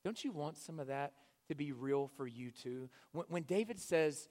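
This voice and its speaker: A man's voice: a little high, lively intonation, normal speed, few pauses. Impassioned preacher man in a reverberant hall. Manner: impassioned, swinging from loud urging to hushed near-whispers. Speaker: pastor. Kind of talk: sermon.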